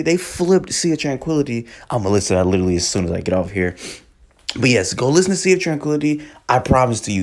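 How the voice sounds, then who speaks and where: Young man, gravelly fry, slangy, rambling music chat. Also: mid-range voice, a little mellow. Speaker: music reviewer. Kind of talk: casual chat.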